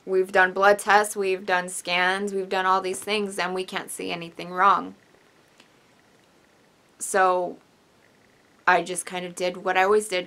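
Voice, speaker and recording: A woman's voice: on the low side, a bit bright. Emotional young woman telling her story. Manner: rambling, emotional, with sighs and apologies. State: tearful at times. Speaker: vlogger. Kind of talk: personal story vlog.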